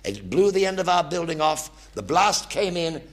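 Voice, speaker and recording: Performing his one-man stage show, this English man in his seventies brings war stories to life for a theatre audience, voicing every character. He speaks at normal speed in a slightly high, very animated voice.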